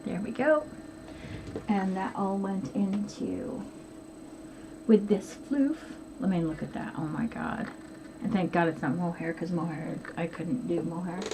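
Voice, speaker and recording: A middle-aged woman hosting a knitting podcast, talking quickly and casually with plenty of ums. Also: on the low side. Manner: chatty, quick and rambling with many ums. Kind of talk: casual chat to camera. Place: at home. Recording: noisy home recording.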